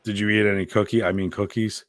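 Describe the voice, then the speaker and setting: A Pennsylvania man with a lowish, level voice talks fast while hosting a casual live-stream chat as a podcast host. His stories are full of swearing and crude jokes, delivered as profane, joking banter.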